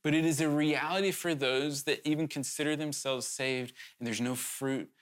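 A man's voice: fairly high pitch, fairly even intonation, normal speed. A man preaching a sermon to his congregation, earnest and urgent, talking conversationally with candid asides and sudden emphatic rises.

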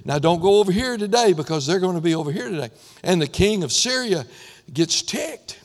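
A man preaching a sermon with impassioned, rising and falling emphasis, his voice going hoarse. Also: sits high, expressive, a little fast, in a large hall. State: losing his voice. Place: church sanctuary.

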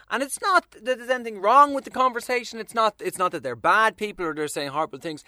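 A man doing a profane stand-up rant, swinging between quiet mock-calm and shouted outbursts. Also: high-pitched, no echo, studio quality. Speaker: stand-up comedian.

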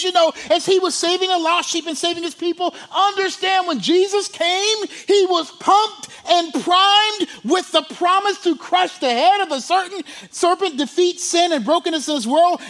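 A man delivers a sermon in a strikingly high voice. He moves between loud, pressing preaching and near-whispers. Between the big lines he drops into casual asides full of "you know" and "like". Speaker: pastor.

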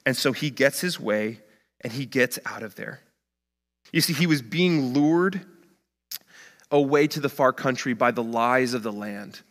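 A man's voice: mid-range voice, fairly bright tone, big-room sound. A male pastor preaching a sermon in a conversational way, often saying "like".

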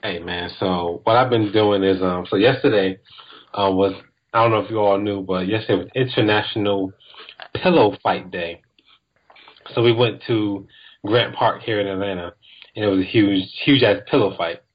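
A man's voice: lowish voice, fairly even intonation, normal speed, slightly rough, muffled recording. A man co-hosting a podcast in casual chat, telling stories in a laid-back way with lots of fillers. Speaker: podcast co-host.

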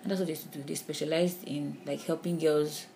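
A Nigerian woman talks through a podcast discussion in a somewhat low voice, animated and full of restarts. She keeps checking in with her listener. There is a faint hum of room ambience behind her. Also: a little fast, gravelly. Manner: animated, with frequent restarts and "do you understand?". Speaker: podcast co-host. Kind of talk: casual discussion.

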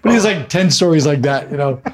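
A man's voice: on the high side, expressive, a little fast, a little hiss or hum. A man, a guest comedian, telling rambling, profane anecdotes in a casual chat.

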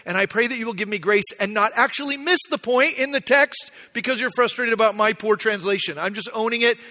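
Middle-aged pastor guy, high bright voice, chatty sermon, big echoey church hall. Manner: conversational, self-deprecating. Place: church sanctuary.

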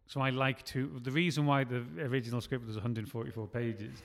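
A man's voice: mid-range voice, steady tone, a little fast, in a large hall, a crowd in the background. A man, a scriptwriter, talking casually and rambling with many restarts. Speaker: scriptwriter and podcast host. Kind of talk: casual chat.

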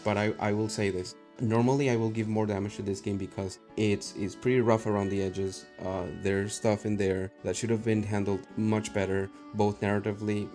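Low, flat, mellow man. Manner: measured, analytical. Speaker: podcast co-host. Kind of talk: casual game critique.

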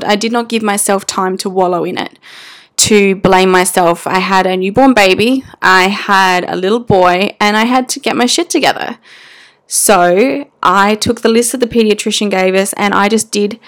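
A woman's voice: medium pitch, steady tone, a little slow. A young woman speaking as a mother, telling her family's story in a candid, emotional way with casual slang and fillers.

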